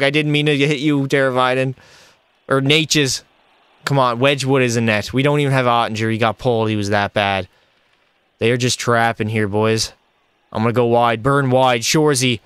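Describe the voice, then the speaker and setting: A young man streaming a hockey video game, giving excitable, frustrated play-by-play and talking to his chat. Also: mid-range voice, moderate pace, clean tone, dry recording. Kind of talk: live gameplay commentary.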